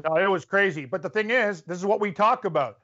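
On a sports podcast, a Canadian man with a high, lively voice rants with strong opinions in a casual sports debate. He comes across as animated, opinionated and quick to rant. The audio sounds dull and lo-fi.

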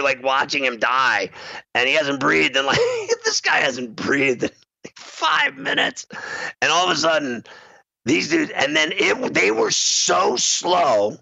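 Brief: male sports talk host, gravelly and bright, rambling storyteller, dry muffled mic. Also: medium pitch, no echo. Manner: rambling storyteller, laughs often, mimics voices. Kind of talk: animated sports talk banter.

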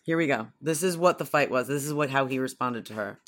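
A woman's voice: rumbling low, quick pace. Chatty woman telling family stories. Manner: chatty storyteller, acts out family members. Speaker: podcast co-host. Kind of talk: casual chat.

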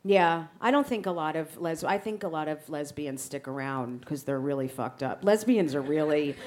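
A woman's voice: low voice, animated, moderate pace, a little mellow. A woman comedian trading blunt, crude, self-mocking jokes on a live podcast recorded at a club show. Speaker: comedian guest. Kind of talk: bawdy live podcast banter.

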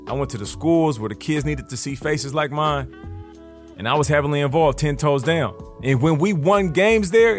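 A former pro football player speaking in a fluent, heartfelt reflective monologue. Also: male voice, medium pitch.

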